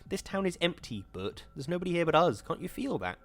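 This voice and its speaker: A man's voice: a little high, sing-song, a little fast, creaky, voice pushed up. A man voicing a frightened young wife who pleads in a tense, insistent way, her voice rising thinly.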